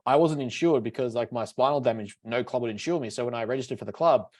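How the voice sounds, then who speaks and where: Quick-talking and profane, a male podcast co-host spins animated stories, his pitch resting in a typical middle range for a man.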